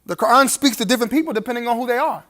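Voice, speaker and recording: Very high-voiced man, preacherly and joking. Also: very fast, fairly bright tone. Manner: preacherly, humorous, chuckling asides; emphatic rising appeals to the audience. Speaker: keynote speaker. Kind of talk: live keynote speech at a gala dinner.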